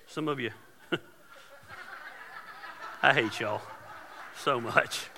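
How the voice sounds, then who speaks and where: A man preaching a sermon as pastor, casual and joking, building to loud emphatic points. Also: mid-range voice, extremely slow, creaky, big-room sound, noisy background.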